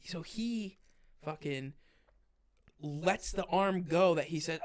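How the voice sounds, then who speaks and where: A man's voice: sits high, slow. A young man, a podcast co-host, telling a firefighter training story in casual chat, acting out the others' voices and swearing freely.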